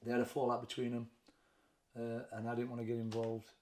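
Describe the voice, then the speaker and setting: A middle-aged man with a Sheffield accent, talking candidly and haltingly in an interview, often repeating words as he recalls events. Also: mid-range voice, completely flat delivery, darkish tone, slight background noise. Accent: Sheffield, Yorkshire. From England. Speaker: boxing trainer, interview guest.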